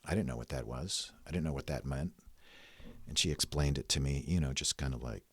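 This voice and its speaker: A man from New York, low-pitched, tells a rambling personal story in relaxed conversation. He is self-mocking and says "like" all the time. The recording is close and dry. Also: brisk, breathy edge, no echo. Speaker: guest storyteller. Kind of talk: casual spoken storytelling.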